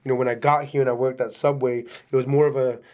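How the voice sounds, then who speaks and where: Casting: man from England, podcast guest, rapid and animated casual storyteller. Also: mid-range voice.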